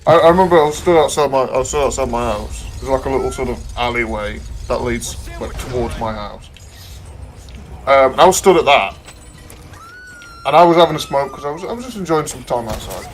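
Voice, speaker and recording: A man's voice: mid-range voice, expressive, fairly quick. A man chatting casually with friends during a game stream, dry and teasing. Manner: dry, teasing, self-deprecating. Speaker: co-player. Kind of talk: casual gaming chat.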